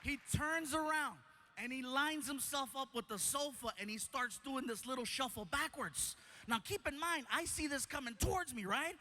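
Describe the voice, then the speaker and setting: A man performing stand-up, telling a story in an animated, playful way and acting out voices. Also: very high-pitched, moderate pace. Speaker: stand-up comedian.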